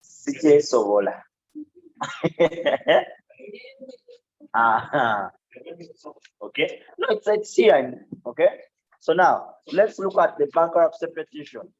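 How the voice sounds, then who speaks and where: Slow-paced man lecturing law. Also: a little high, sing-song, slightly rough. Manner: explains slowly, with frequent "okay?" checks and asides. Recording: dull, lo-fi classroom recording.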